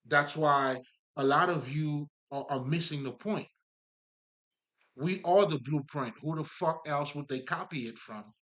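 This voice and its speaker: A man's voice: on the high side, unhurried, a bit bright. Profane, emphatic man preaching casually. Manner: profane, emphatic, rambling with many fillers. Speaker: spiritual talker. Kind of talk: casual spiritual monologue.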